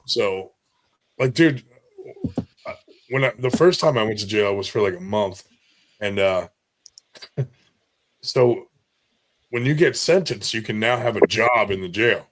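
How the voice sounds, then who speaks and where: A man's voice: on the low side, lively intonation, measured pace, pauses often, a little hiss or hum. A man spinning profane stories in a loose, rambling way, laughing as he goes. His delivery is casual and unpolished, with plenty of restarts. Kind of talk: casual storytelling.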